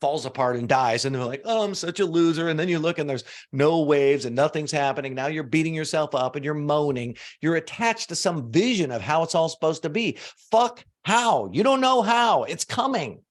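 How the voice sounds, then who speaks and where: Man, motivational teacher; bright, lively, very expressive pitch; casual delivery with emphatic bursts. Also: normal speed, few pauses. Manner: animated, swings from soft low asides to loud emphatic bursts; casual, uses fillers like "like" and "you know". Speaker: manifestation coach. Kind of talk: motivational teaching talk to an audience.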